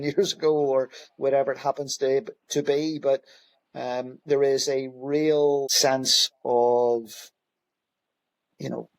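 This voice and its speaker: Chatty middle-aged police commissioner, dry close sound. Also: male voice, medium pitch, a little mellow, no echo. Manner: conversational, frequent fillers and restarts. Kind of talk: anecdotal interview storytelling.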